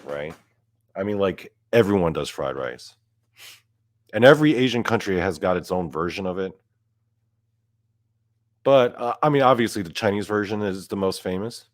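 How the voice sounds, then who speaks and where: A young man ranting in a comedic podcast monologue, profane and climbing higher and louder whenever he gets outraged. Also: no echo, clean studio sound. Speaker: podcast host.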